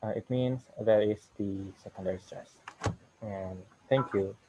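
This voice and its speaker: A young man from Indonesia, giving a halting student class presentation that walks through slide examples. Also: lowish voice, steady tone, warm tone, a little hiss or hum. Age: young adult. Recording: muffled lo-fi recording.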